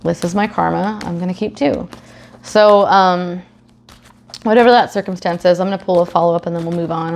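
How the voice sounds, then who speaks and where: A woman's voice: on the low side, darkish tone, a little hiss or hum. A young adult woman giving a casual tarot reading, chatty, swearing freely and acting out silly scenarios. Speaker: tarot reader.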